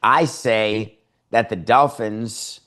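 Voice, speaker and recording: A man's voice: fairly low pitch, fairly even intonation, very slow, fairly bright tone. A man hosting a sports podcast, giving sarcastic opinions full of rhetorical questions and acted-out imagined dialogues.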